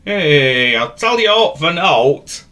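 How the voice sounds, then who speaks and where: A man voicing a clumsy, accident-prone male goat who wails in high, strained cries. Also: very animated, slow pace, sharp tone, full character voice. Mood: flustered.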